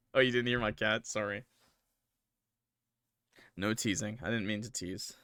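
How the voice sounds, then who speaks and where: A man's voice: lowish voice, wildly swooping pitch, slow, vocal fry, long pauses, pushed and bright. A man streaming, reading a visual novel aloud with casual, jokey asides.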